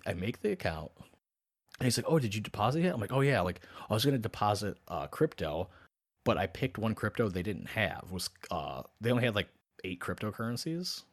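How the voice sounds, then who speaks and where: A man with a fairly low voice tells a long story in loose podcast chat. He swears constantly and jumps between his own lines and the other person's replies, with plenty of laughs and restarts. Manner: animated, profane, acts out both sides of chats. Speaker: podcast co-host.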